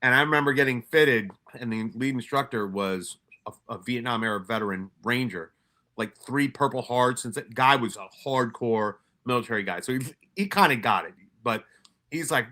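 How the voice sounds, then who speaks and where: A man's voice: medium pitch, moderate pace, bright, forceful tone. A man from New York telling stories in a casual, profane way, with many restarts and quoted asides. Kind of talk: casual storytelling.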